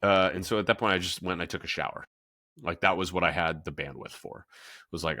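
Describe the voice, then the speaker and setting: A man's voice: low-pitched, a little fast, bright, forceful tone. A man in his thirties hosting a casual podcast, talking in a candid, self-reflective way with many fillers and restarts. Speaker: podcast host, fitness coach. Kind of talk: candid conversational podcast talk.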